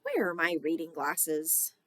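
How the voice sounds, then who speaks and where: A woman reading the part of a brisk, fussy mother in a storybook. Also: deep voice, very animated, fairly bright tone, full character voice. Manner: brisk and scolding.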